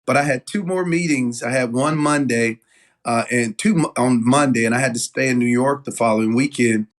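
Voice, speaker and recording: Man, interview guest, casual storyteller, middle pitch, lots of fillers. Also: normal speed. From Knoxville, Tennessee. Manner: animated storyteller, many fillers and restarts. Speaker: guest, business owner.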